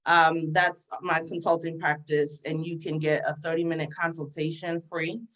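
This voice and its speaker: A woman's voice: low voice, little pitch movement, normal speed, a bit bright, poor audio. A woman guesting on an interview podcast, speaking in a reflective, encouraging way about her work. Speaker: guest entrepreneur.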